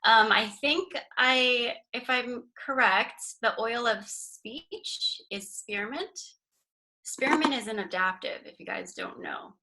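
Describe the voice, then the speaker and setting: A young woman from Hawaii speaks on a video call with a bright, clear voice. She sounds nervous and emotional, as if she is holding back tears. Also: a little high, very animated, slow pace, low-quality recording. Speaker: guest speaker. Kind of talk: casual team call talk.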